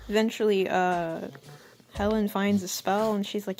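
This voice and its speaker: A woman's voice: medium pitch, fairly even intonation, fast talker. A young woman vlogger reading her old story aloud and roasting it with sarcastic, giggly commentary. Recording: faint background music.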